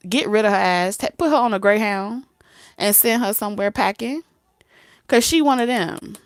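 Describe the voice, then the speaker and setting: A woman tarot reader talks casually to camera, blunt and streetwise, laughing often, slipping into soft whispers and acting out both sides of conversations. Her voice is medium-pitched at a normal speed, with no echo.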